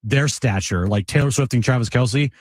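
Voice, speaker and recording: A man co-hosting a sports talk show, telling relaxed stories in casual chat. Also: mid-range voice, normal speed, no echo.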